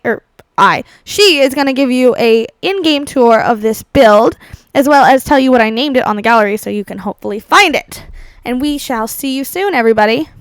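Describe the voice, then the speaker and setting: Bubbly high-voiced young woman. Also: fairly bright tone, smooth, no room sound. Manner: bubbly, rambling and dramatic, with lots of fillers. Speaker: Sims builder and YouTuber. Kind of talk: chatty gaming commentary over a house tour.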